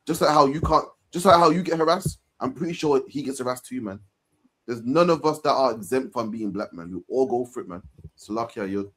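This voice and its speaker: A man preaching on the street, animated, firing rhetorical questions and closing lines with "man". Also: mid-range voice, a little fast, poor audio.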